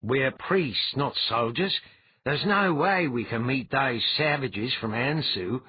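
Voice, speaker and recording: A man's voice: mid-range voice, lively intonation, slow pace, slightly rough, no echo, muffled recording, voice pushed up, full character voice. A man voicing an anxious senior male priest in an audiobook, fretful and easily alarmed. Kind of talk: audiobook character voice.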